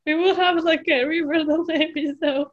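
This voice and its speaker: A woman's voice: sits high, steady tone, moderate pace, muffled recording. A young woman co-hosting a podcast, casually recapping a TV episode in a rambling way, full of "like" and giggles. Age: young adult. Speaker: podcast co-host. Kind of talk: casual chat.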